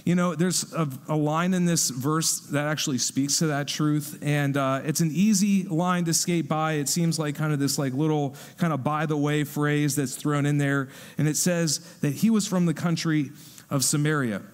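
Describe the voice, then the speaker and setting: A man preaching a sermon, with a voice a bit higher than most men's. He speaks conversationally, and he grows animated when he acts out voices. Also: moderate pace. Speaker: pastor.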